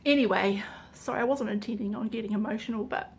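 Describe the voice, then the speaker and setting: A woman's voice: fairly high pitch, steady tone, fast talker, a little mellow, husky. A woman talking to camera in a personal vlog, earnest and emotional, her voice sometimes dropping to a near-whisper. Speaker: vlogger. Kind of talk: casual personal vlog talk.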